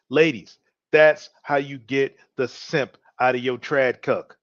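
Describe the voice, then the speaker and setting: A man's voice: mid-range voice, fairly even intonation, slow, no echo. A man hosting an opinion show, talking loosely and with swagger straight to his listeners. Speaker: podcast host. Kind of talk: casual opinion talk. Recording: dry, dull lo-fi home mic.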